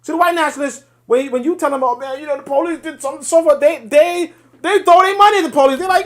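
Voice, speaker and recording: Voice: high voice, fast talker, hardly any pauses. A commentator reacting to a played clip in a blunt, profane and sarcastic way.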